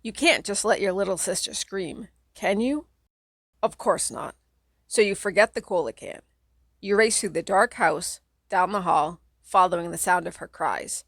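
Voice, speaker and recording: A woman narrates a children's horror book in the second person, dramatic and steady. Her voice carries a gravelly fry, at an ordinary pitch for a woman. The recording is dry and close. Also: a little slow, no room sound. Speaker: audiobook reader.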